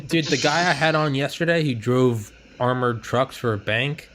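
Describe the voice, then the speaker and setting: A man's voice: medium pitch, fairly even intonation, moderate pace, fairly bright tone. A man hosting a podcast over a remote call, casual and laid-back, swearing freely and telling stories full of mimicked quotes. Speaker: podcast host. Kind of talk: casual chat.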